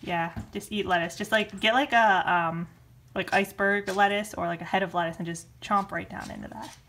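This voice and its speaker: A woman's voice: mid-range voice, fairly even intonation, moderate pace, a bit bright, a little hiss or hum. A young woman chatting casually in a family vlog, rambling with many fillers. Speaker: vlogger, new mother.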